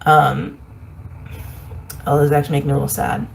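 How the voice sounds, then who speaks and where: A woman with a fairly low voice talks through a spiritual reading in a loose, wandering way. She circles back and repeats phrases, sounding reflective. A faint hiss sits under the recording. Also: level tone, a little fast, vocal fry, low-quality recording. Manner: meandering, repetitive, reflective with soft laughs. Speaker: intuitive reader. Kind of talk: casual spoken reading.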